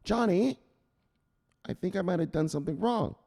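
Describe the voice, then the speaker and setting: A man doing a bewildered old mother, high and fretful, gravelly edge. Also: expressive, moderate pace, mellow, long reverb tail, full character voice. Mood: worried, bewildered. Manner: high fretful voice, naive questions. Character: confused elderly mother on phone.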